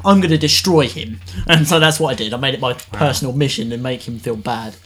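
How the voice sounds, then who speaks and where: A man's voice: mid-range voice, fast, sharp tone, slight background noise. A man chatting on a podcast, telling stories in a blunt, argumentative way and stumbling over repeated words. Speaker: podcast co-host. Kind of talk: casual chat, storytelling.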